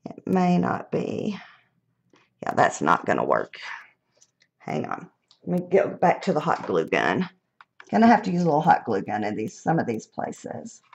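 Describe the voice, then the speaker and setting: A woman's voice: low voice, wildly swooping pitch, a little slow, creaky, pauses often, dull audio, slight background noise. A middle-aged woman, chatting casually through a live craft demonstration, thinking aloud and laughing at her own mishaps.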